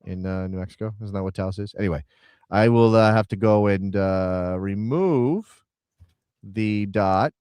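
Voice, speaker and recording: A man with a fairly low, darkish, clear and resonant voice co-hosts a relaxed soccer stream, speaking a little slowly. He rambles and chats, thinking out loud as he reads names from the chat. There's no echo.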